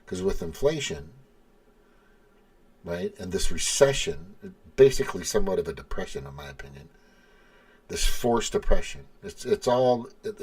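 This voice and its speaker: A man with a fairly low voice delivering a furious, profanity-laced rant. He stumbles and repeats words as he pushes his point, with a heated edge throughout. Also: sing-song, moderate pace, a little mellow. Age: adult with children. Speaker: podcast host. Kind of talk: angry ranting monologue.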